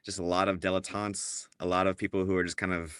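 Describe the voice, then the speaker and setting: Brief: very deep man with a forceful tone, relaxed storyteller, dry recording. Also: quick pace, clear, resonant tone, no echo. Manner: relaxed storyteller, acts out quotes, laughs easily. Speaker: podcast guest. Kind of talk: casual interview chat.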